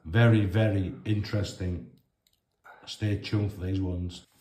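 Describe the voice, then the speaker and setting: Low-voiced man prompting the stories. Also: steady tone, warm tone. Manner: prompting, teasing, slow and repetitive. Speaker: interviewer host. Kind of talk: casual interview. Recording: echoey room with faint noise.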